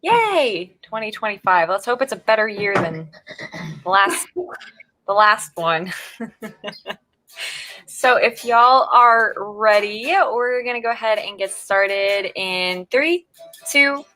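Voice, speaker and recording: A woman's voice: mid-range voice, expressive, slow, long pauses, bright, forceful tone, dry recording. A woman hosting a casual livestream, reading out chat messages, laughing often and tripping over her words. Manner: giggly, trips over words.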